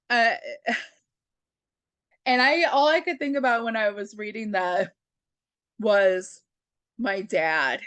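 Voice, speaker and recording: A woman talks through an old comic book in an easy, unhurried way, dropping in fillers and side remarks and laughing at her own jokes. Her voice sits at an ordinary pitch, and the recording is close and dry with no room sound. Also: lively intonation, fairly bright tone, no echo. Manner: chatty and rambling, full of fillers and asides. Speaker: comic book reader and channel host. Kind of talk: casual comic book reading commentary.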